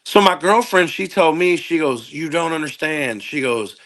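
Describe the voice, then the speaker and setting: Man, podcast guest, casual talk, profane, animated storytelling, bright forceful tone. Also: a little high, normal speed. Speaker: guest comedian.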